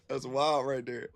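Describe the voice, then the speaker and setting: A man from Virginia chatting casually on a live stream. He rambles with plenty of fillers and laid-back slang. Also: lowish voice.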